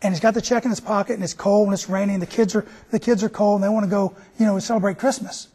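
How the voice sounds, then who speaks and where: Husky-voiced man telling a story. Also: high-pitched, fairly even intonation, fast, warm tone. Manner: folksy, conversational. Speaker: TV show host.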